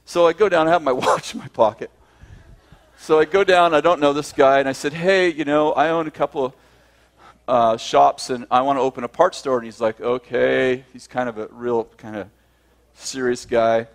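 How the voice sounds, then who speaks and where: A man's voice: medium pitch, fairly even intonation, moderate pace. A man telling a personal story to a group, acting out both sides of the conversations and often laughing as he speaks.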